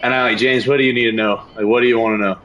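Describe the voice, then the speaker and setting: A man's voice: mid-range voice, fairly even intonation, rapid-fire, a bit bright, dull audio, slight background noise. A young man streaming a game on a headset mic, telling stories in a laid-back, casual way with lots of swearing. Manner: laid-back storytelling, heavy swearing, frequent laughs. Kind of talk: casual chat while gaming.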